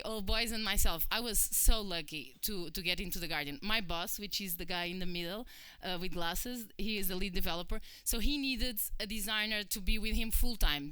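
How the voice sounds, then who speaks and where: A Portuguese-accented woman in her thirties tells her career story to a conference audience, chatty and full of fillers, acting out what others said. Her voice is bright and very clear. The sound is dry and close. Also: medium pitch, no room sound. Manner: chatty, animated, acts out quoted voices, many fillers. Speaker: conference speaker. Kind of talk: personal talk to an audience.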